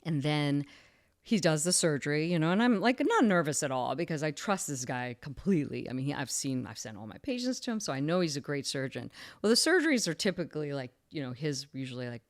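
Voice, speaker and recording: Low-voiced woman telling stories. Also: fairly quick. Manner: lively anecdotal, acts out quoted people. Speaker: guest, former surgeon turned coach. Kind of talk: casual interview storytelling.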